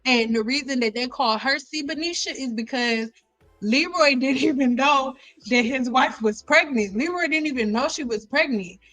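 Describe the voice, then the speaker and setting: A woman hosting a hair care live stream, joking around in a playful, animated way and repeating lines for effect. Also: high-pitched, normal speed, faint music behind, poor audio.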